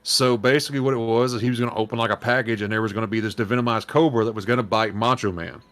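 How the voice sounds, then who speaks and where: A man's voice: medium pitch, fairly even intonation, very fast, fairly bright tone, dry recording, soft background music. A man hosting a podcast, reading aloud and chatting in a rambling, self-correcting way on a close mic. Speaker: podcast host. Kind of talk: casual chat, reading aloud.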